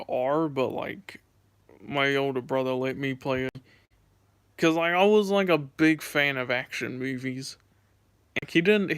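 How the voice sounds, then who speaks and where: A man's voice: on the high side, fairly bright tone, clean tone, dry recording. A young man streaming from home, telling gaming stories in a rambling, filler-heavy casual chat.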